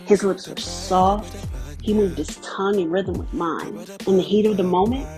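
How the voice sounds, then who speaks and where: A woman's voice: medium pitch, normal speed, over music. A woman giving scripted first-person narration of a story, telling it in a candid, wry way.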